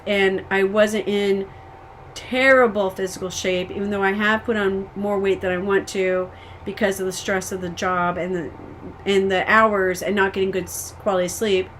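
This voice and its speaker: A woman from the United States talks straight to camera in a loose, rambling update. She vents her frustrations openly, tripping over restarts and filling gaps with ums, at a steady middle pitch with a faint hiss behind her. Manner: frustrated and candid. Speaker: vlogger. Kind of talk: casual personal update.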